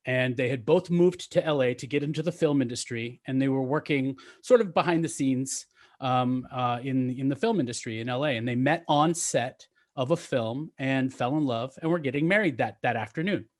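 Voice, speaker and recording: A man telling a long story to a gathering, halting with ums and restarts, slowing and softening at touching parts. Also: medium pitch. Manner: halting, with many ums and restarts, slowing and quieting at emotional moments.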